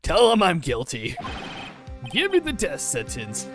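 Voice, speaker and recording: A streamer voicing a frantic, melodramatic young man who wails and shouts in despair, with game music underneath. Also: mid-range voice, huge pitch swings, unhurried, pitched above the performer's own voice. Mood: distraught. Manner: wailing, shouting, overblown.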